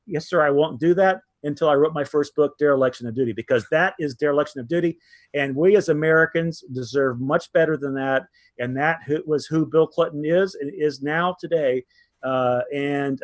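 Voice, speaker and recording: A man's voice: fairly high pitch, dry recording. Emphatic man, dry close sound. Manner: emphatic, with frequent restarts. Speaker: guest, former military aide. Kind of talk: interview storytelling.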